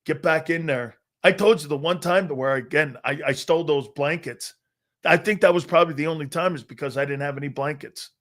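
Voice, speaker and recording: Male sports talk host in his fifties, brash and boastful, fairly high-pitched, restarts often and acts out quotes. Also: a little fast, a bit bright. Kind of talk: casual sports talk storytelling.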